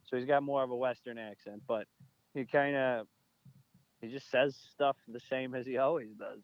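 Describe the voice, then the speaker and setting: Excitable man in a casual podcast chat. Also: mid-range voice, moderate pace, no echo, muffled recording. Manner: excitable storyteller, animated and laughing. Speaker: podcast co-host.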